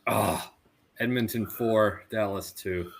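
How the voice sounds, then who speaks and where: A man's voice: fairly low pitch, steady tone, slow, slight background noise. A man in his thirties co-hosting a casual podcast chat, telling stories animatedly and laughing often. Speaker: podcast co-host.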